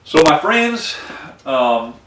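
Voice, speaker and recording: A man teaching a Bible study, retelling scripture in a folksy, animated way, acting out the dialogue with many fillers. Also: fairly high pitch, very slow, echoey room, far from the mic.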